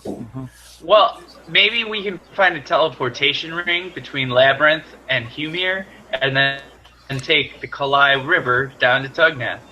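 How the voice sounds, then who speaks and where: A man at a tabletop game who talks very slowly and thoughtfully, asking questions and planning aloud. His voice is very bright and sharp. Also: medium pitch, lo-fi sound, slight background noise. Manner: slow, thoughtful, asks questions. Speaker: player. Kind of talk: casual tabletop game chat.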